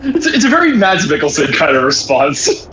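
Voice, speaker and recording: A man's voice: fairly high pitch, moderate pace, crowd noise, rough recording. A man co-hosting a livestream, chatting casually and laughing a lot while cooking at home, talking into a computer mic on a voice call. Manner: laughing, joking, lively. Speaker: stream co-host.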